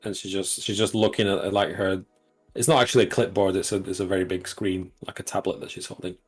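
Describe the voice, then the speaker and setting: A man narrating as game master, relaxed and describing scenes with frequent restarts. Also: low voice, quick pace, husky, soft background music.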